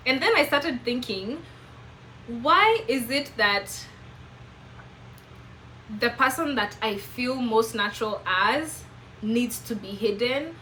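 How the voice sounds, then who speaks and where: A woman's voice: a little high, pushed and bright, a little hiss or hum, poor audio. A young woman with a Kenyan accent talking earnestly to camera in a reflective personal vlog, asking herself question after question. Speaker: vlogger.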